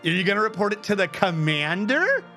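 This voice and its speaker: A man's voice: high-pitched, very animated, fairly quick, sharp tone, faint music behind. A man streaming a game, chatting in a casual, profane rant and explaining things step by step.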